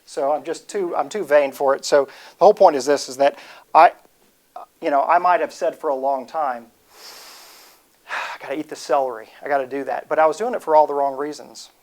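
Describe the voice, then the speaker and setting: A man's voice: a little high, normal speed, long pauses, a little mellow. Rambling man in his forties. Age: 40s. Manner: rambling, self-interrupting storytelling. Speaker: speaker. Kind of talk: humorous motivational talk.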